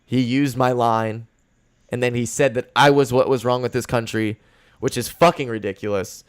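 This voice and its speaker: Young male podcast host, casual, sweary, animated storyteller. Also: mid-range voice, moderate pace, clear, resonant tone. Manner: profane, fired-up storytelling. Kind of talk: casual chat.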